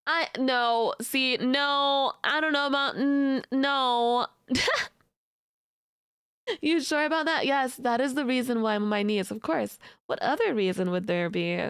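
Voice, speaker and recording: Young woman streamer, high and unhurried, giggly and teasing, dry close sound. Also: a bit bright, clear, resonant tone, no room sound. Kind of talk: casual live-stream chat.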